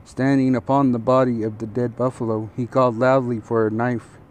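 A man reading a fable aloud as a storyteller, steady and deliberate, with a few small restarts. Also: mid-range voice.

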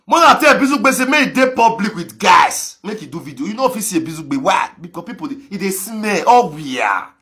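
A man with a Nigerian Pidgin accent ranting on a live video, mocking others with frequent laughter and sudden shouts. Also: high voice, very animated, a little fast, hardly any pauses. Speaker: social media commentator.

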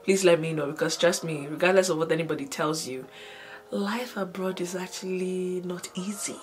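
Nigerian woman vlogger, lower voice. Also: moderate pace, faint music behind. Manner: animated, switches between hushed and loud. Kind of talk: casual storytelling to camera.

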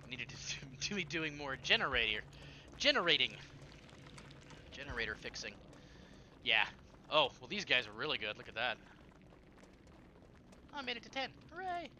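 A man streaming a horror game, chatting casually and rambling with many fillers and sudden excited bursts. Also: mid-range voice. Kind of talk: casual gameplay chat.

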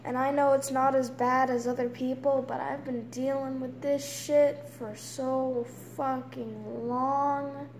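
A young woman in her late teens venting in an angry, profane rant, swinging between loud outbursts and hushed whispers. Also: high voice, level tone, slow pace, hardly any pauses. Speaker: vlogger. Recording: roomy echo with faint background noise.

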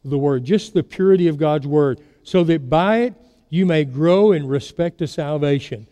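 A male pastor delivers a sermon to his church, often stopping to ask the congregation questions. His voice sits a little high and sounds mellow and soft-edged. The sanctuary adds a long reverb to every word. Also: normal speed. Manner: storytelling preacher, asks the congregation questions.

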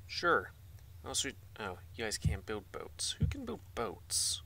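A man's voice: mid-range voice, very animated, moderate pace, background noise. A man giving rambling, casual let's-play commentary, muttering asides to himself and swearing now and then. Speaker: gaming channel host. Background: game music.

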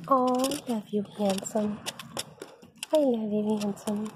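A woman filming her foster kittens, talking to them in soft, doting, sing-song baby talk. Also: medium pitch, slow pace, noisy background. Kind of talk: cooing baby talk to pets.

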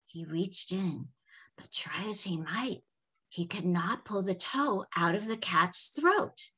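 A woman author reading her folktale aloud in a measured, expressive way. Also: on the low side, slightly rough. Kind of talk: storytelling read-aloud.

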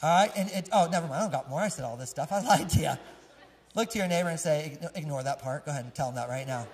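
A man in his thirties preaching a sermon as pastor, conversational and lively, polling the congregation and joking as he corrects himself mid-sentence. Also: fairly high pitch, rapid-fire, a little hiss or hum. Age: 30s. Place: church sanctuary. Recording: long church hall reverb.

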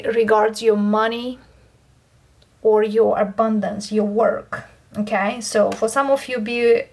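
A woman's voice: a little high, gravelly, a little mellow. A woman giving a tarot card reading, who often checks in with her listeners and keeps saying what she feels. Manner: unhurried, checks in with "okay?" and repeats "I feel here". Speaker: tarot reader.

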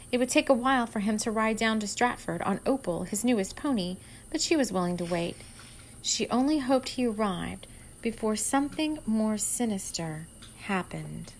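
A woman's voice: on the high side, slight background noise, rough recording. Woman reading her own story aloud. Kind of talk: storybook narration.

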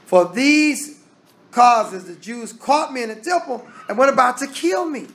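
A man's voice: very high voice, expressive, unhurried, a bit bright. A man teaching a Bible study. He reads scripture aloud and explains it in plain, casual talk. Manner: casual Southern American grammar.

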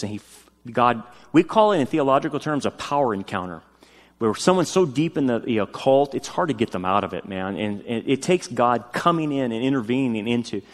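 A male pastor preaching a sermon in a lively, emphatic way, dropping casual asides and rising to loud peaks. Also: mid-range voice, big-room sound. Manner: casual spoken asides like "man".

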